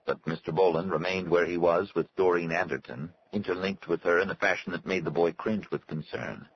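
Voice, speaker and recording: Deep-voiced man reading an audiobook. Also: fairly even intonation, fairly quick. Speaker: audiobook narrator. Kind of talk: scripted narration. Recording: dull lo-fi audiobook with faint hiss.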